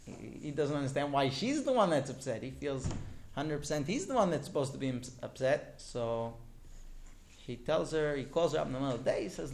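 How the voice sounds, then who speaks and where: A male teacher telling a story to his class in an animated way, often turning to ask the students directly. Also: a little high, brisk, vocal fry.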